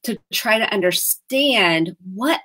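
Woman therapist, video call, warm, coaching, mid-range voice. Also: medium pitch, animated, slow pace. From Indiana, US. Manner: warm, coaching, acts out example dialogue. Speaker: licensed therapist. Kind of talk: video-chat conversation.

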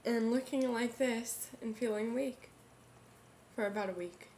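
A woman's voice: a little high, unhurried, darkish tone, slight background noise. A woman vlogger in casual chat, chiming in and finishing her friend's sentences.

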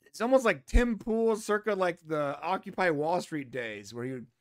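A man's voice: high voice, moderate pace. A man co-hosting a casual movie review chat, talking animatedly and acting out what characters might say. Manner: animated, acts out characters' lines in quotes. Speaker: podcast co-host.

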